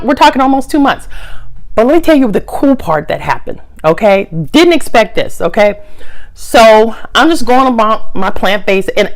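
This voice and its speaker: A middle-aged woman telling a personal story to her camera in a chatty, animated way, sometimes dropping to a hushed aside. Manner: animated, chatty, big pitch swings, drops to a hushed aside. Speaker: vlogger.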